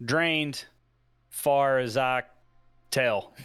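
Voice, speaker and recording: A man voicing a gruff stranger who talks in rough, drawling slang. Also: mid-range voice, very slow, a bit bright. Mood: defiant.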